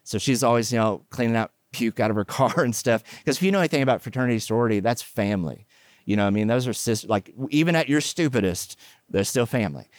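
A middle-aged man preaching a conversational sermon, mixing jokes and animated asides with scripture. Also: mid-range voice, fast talker, dry recording, clean studio sound. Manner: joking, animated asides, chatty fillers. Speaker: pastor.

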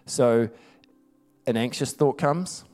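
A man's voice: mid-range voice, slow pace, darkish tone, soft background music. A male preacher giving a sermon, emphatic and conversational, telling stories.

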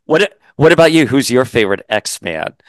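A male host chatting casually in an interview, lively and quick to mock characters in put-on voices. His voice is smooth and resonant, recorded close and dry. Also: mid-range voice, dry recording. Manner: animated, swears, does mocking voices. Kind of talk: casual video-call interview.

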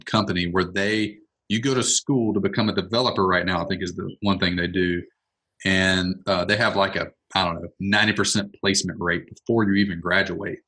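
A man leading a casual business brainstorm, thinking out loud in a rambling way. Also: sits low, fairly even intonation, brisk, breathy edge, rough recording. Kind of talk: casual meeting discussion.

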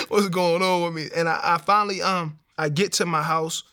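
A young man, telling his personal testimony in a streetwise, animated way with slang. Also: fairly high pitch, normal speed. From Baltimore. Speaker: testimony speaker.

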